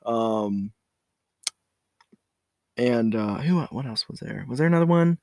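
A man's voice: mid-range voice, animated, slow pace, vocal fry, darkish tone, dry recording, studio quality. A young man in casual chat who giggles and laughs hard while chiming in. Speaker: co-storyteller.

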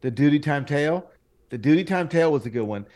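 Lively, blunt, profane podcast man. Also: a little high, quick pace. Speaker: podcast co-host. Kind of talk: casual chat.

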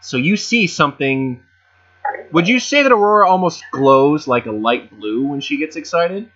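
A man's voice: on the high side, lively intonation, normal speed, fairly bright tone. A man running a tabletop game over voice chat, describing scenes in a chatty way full of fillers and asides. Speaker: game master. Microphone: home voice chat mic. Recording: muffled voice chat audio.

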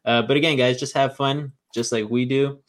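A man's voice: medium pitch, fairly even intonation, normal speed. A man hosting a casual football betting show, joking around and passing the floor to the others. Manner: laid-back, joking, hosting. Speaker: host. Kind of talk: casual sports betting chat.

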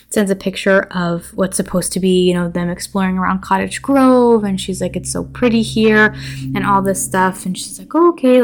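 A woman's voice: mid-range voice, slight background noise. A young woman hosting a podcast who recaps a horror film in a casual, chatty way. She uses lots of fillers and is blunt and a little profane. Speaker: podcast host.

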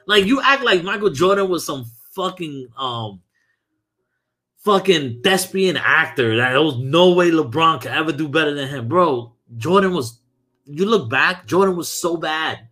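A young man from Brooklyn, hosting a podcast in a loose, profane, animated chat and laughing often. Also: a little high, measured pace. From Brooklyn, New York. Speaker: podcast host. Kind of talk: casual chat.

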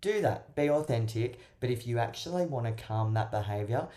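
A woman guest coach giving relationship advice in a casual podcast chat. Her voice sits low for a woman and sounds dark and mellow. She talks expressively and slips into playful acted-out voices. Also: moderate pace. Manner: expressive, acts out little voices while explaining. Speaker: love coach and matchmaker guest.

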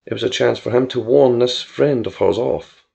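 A man narrating a story in a measured, even storytelling manner. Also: medium pitch, vocal fry, breathy edge, muffled recording. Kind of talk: audiobook narration.

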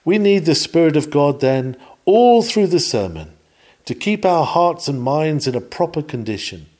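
A man's voice: a little high, big pitch swings, normal speed, darkish tone. Earnest man reading an old sermon. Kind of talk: reading an old-fashioned sermon text aloud.

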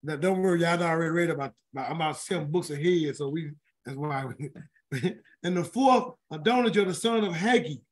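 A man with a fairly high voice leads a weekly Bible word study at a brisk clip. He reads scripture aloud, then drifts into chatty, colloquial asides, often stumbling over names and starting again.

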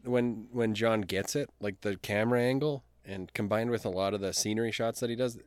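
A man's voice: lowish voice, fairly even intonation, fairly quick, smooth, no room sound. A man co-hosting a movie podcast, eagerly walking through scenes in casual chat. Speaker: podcast co-host.

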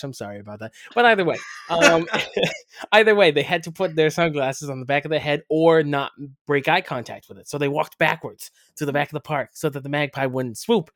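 A man's voice: a little high, brisk, a bit bright, dry recording, studio quality. A man on a podcast chatting animatedly, full of quips and exclamations. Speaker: podcast co-host. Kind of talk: casual chat.

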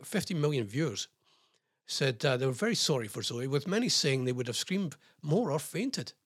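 Husky, lively British radio host. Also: male voice, medium pitch, normal speed, no echo, studio quality. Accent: British English. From England. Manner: rambling, filler-heavy, jokey asides. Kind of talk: casual radio chat, reading listener messages and news.

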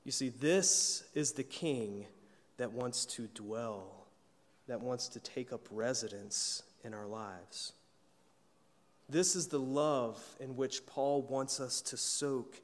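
A pastor preaching a sermon with earnest emphasis, building to emphatic peaks. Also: male voice, mid-range voice, takes it slowly. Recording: long reverb of a church hall.

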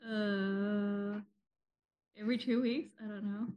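A woman's voice: mid-range voice, steady tone, slow, muffled recording. A young married woman co-hosting a podcast in casual chat, joking and laughing often. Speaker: podcast co-host.

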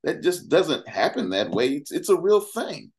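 A man's voice: fairly high pitch, sing-song. Emphatic man speaking his mind. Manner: emphatic, fires off rhetorical questions; conversational, many fillers and quick asides. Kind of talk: impassioned conversational commentary.

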